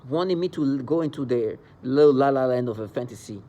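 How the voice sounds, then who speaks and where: A man with a mid-range, mellow voice speaks quickly, delivering an agitated, rambling monologue straight into the camera. He's a vlogger describing being targeted, and he peppers his angry rant with mocking asides.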